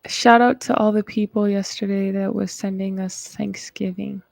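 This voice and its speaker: A woman's voice: medium pitch, fairly even intonation, normal speed, vocal fry, darkish tone, dry recording. A woman hosting a live stream, chatting casually and rambling with lots of fillers as she searches for things. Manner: frustrated, rambling, many fillers.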